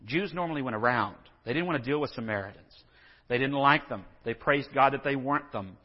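A man's voice: mid-range voice, fairly quick, long reverb tail, highs cut off. A male pastor from Texas preaching a sermon in a folksy way, with joking asides and acted-out scripture dialogue.

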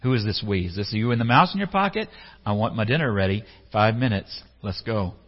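A man's voice: on the low side, lively intonation, brisk. A man playing a demanding master who barks curt orders at his servant. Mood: impatient. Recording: echoey hall, slightly dull sound.

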